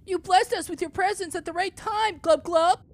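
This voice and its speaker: A woman voicing an excitable male goldfish king who ends his lines with "glub glub" in a comedy podcast. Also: very high-pitched, normal speed, pitched above the performer's own voice. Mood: excited.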